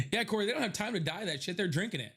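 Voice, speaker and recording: A man's voice: high voice, a bit bright, breathy edge. A man hosting a casual live chat, rambling and joking with his viewers, laughing often, a little stuffy from allergies. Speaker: live stream host.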